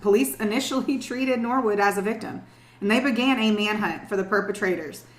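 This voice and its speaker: A woman's voice: mid-range voice, fairly quick. Profane, emphatic young woman storyteller. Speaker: podcast co-host. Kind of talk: casual true-crime chat. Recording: roomy echo.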